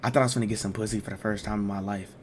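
A man telling a story to his live stream chat, slangy and excitable, swinging between mumbled asides and loud exclaims. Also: fairly low pitch, racing, noisy background.

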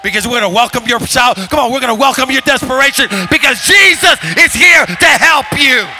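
A man preaching a sermon as pastor, shouting and building intensity in a church. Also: very high-pitched, a little fast, soft background music. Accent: Californian. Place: church sanctuary.

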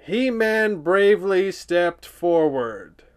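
A man's voice: high-pitched, lively intonation, takes it slowly, clean tone. A man reading a children's storybook aloud for comedy, with sarcastic, playful asides.

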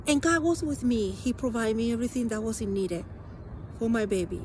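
A woman's voice: on the high side, a little mellow, slight background noise. Earnest woman. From Spanish-speaking country. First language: Spanish. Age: adult. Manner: earnest, halting, emotional storytelling. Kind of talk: personal testimony.

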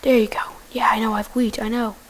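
A woman giving goofy, excitable casual gameplay commentary, talking to the animals in her game. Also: a little high, fairly quick.

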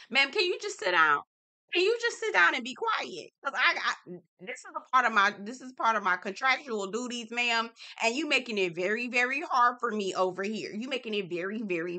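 Lady doing a fed-up bossy woman, high and sharp, scolding her friend.

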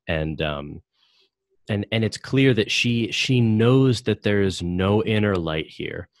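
Male podcast host, deep voice, dry close sound, halting casual delivery full of fillers. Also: dry recording. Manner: hesitant, many fillers and restarts. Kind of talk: casual conversational discussion.

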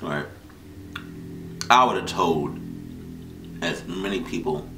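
A man's voice: low voice, expressive, takes it slowly, background noise. A tired man reacting to a horror story with exclamations and swearing. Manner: exclamatory, swearing, laughing asides. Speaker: reaction video host. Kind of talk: casual reaction commentary. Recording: roomy echoey room.

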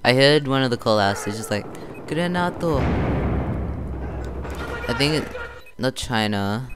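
A young Australian man hosts a gaming channel, narrating his own moves as he chats through gameplay commentary. His voice is medium-pitched and a little fast, with heavy background noise as loud game gunfire plays behind him.

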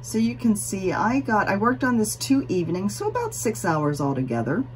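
A woman's voice: mid-range voice, very animated, moderate pace, slight background noise. A woman talking casually to her viewers in a rambling, chatty way, with fillers and self-deprecating asides, recorded at home. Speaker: cross stitch vlogger.

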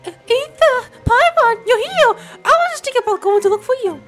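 A woman voicing a cheerful, friendly young female scout in a video game, bright and upbeat. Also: very high-pitched, lively intonation, a little fast, over loud music. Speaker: game character.

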